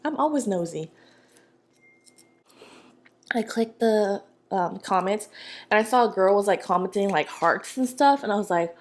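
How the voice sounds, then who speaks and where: A woman's voice: mid-range voice, expressive, unhurried, pauses often. A young woman vlogger telling a sassy, slangy story while she eats. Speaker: mukbang vlogger. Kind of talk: casual storytelling while eating.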